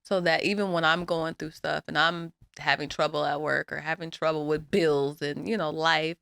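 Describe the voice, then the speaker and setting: A woman's voice: sits low, normal speed, gravelly, smooth, no echo, clean studio sound. A woman, guest on a talk show, telling stories animatedly and laughing often. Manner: animated storyteller, acts out voices, laughs often. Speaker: guest, nonprofit founder. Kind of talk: casual interview chat.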